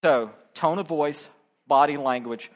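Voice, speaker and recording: A man's voice: a little high, a little slow, dull audio. A middle-aged man preaching a sermon as pastor, speaking directly and emphatically to his congregation. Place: church.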